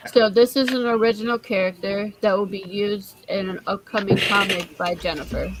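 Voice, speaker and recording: A woman co-hosts a livestream auction, describing each item plainly and to the point. Her voice sits at an ordinary pitch. Noticeable background noise is heard on the stream. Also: steady tone, normal speed. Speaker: co-host presenting auction items. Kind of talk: casual chat. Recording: noisy stream audio.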